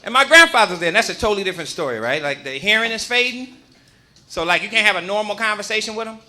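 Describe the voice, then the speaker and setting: A male stand-up comedian doing a live set in a comedy club, telling stories in an animated, punchy way on a handheld mic. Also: high voice, fast talker, a little hiss or hum.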